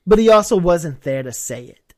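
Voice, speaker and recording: A man co-hosting a casual recap chat, rambling, profane and quick to laugh. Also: high voice, animated, dry recording, clean studio sound. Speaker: podcast co-host.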